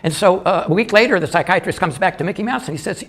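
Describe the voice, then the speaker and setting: Older guy doing stand-up, fairly high voice, stumbles and restarts a lot, chuckles at his own jokes. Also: fairly bright tone, a little hiss or hum. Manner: halting, restarting delivery with chuckles. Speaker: stand-up comedian. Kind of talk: live stand-up joke telling.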